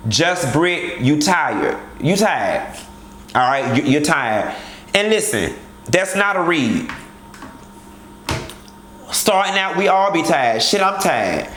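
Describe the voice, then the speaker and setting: A man's voice: fairly high pitch, sing-song, slow, long pauses, fairly bright tone, reverberant, slight background noise. A man giving candid, blunt commentary on a reality show and speaking straight to its cast in a sassy manner.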